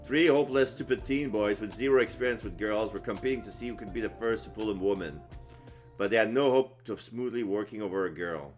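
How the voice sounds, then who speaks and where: A man's voice: on the low side, fairly quick, soft background music. A man streaming, reading a story game aloud with earnest, lightly wry narration. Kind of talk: reading a visual novel aloud.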